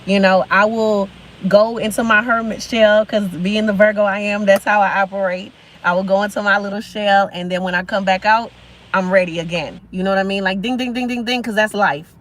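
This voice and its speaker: Young woman, live-stream host, emphatic motivational talk on a phone mic, soft background hiss. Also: medium pitch, steady tone, fairly quick, low-quality recording. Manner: emphatic, repeats phrases for emphasis. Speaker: livestream host.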